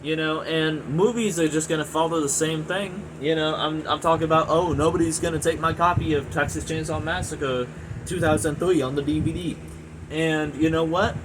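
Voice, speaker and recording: A man's voice: a little high, background noise. A man in his twenties ranting angrily about gaming, swearing often and rambling with lots of fillers and restarts. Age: 20s. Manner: profane, frustrated, rambling with many fillers. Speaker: gaming video reviewer. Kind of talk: angry ranting monologue.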